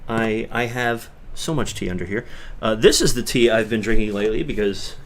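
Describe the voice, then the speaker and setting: A man from Long Island, chatting casually on his livestream in a rambling way that swings from mutters to loud bursts. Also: on the low side, moderate pace. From Long Island, New York. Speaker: livestream host.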